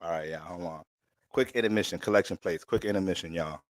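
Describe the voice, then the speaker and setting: A man's voice: deep voice, fast talker, dry recording. A man doing a casual astrology reading on a livestream, talking in loose slang and laughing often.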